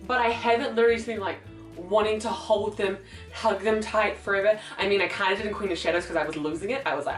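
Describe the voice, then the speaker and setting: A young woman vlogger giving a casual, animated and profane book review, rambling with lots of fillers. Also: mid-range voice, fast talker. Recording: echoey room, somewhat far from mic, faint music.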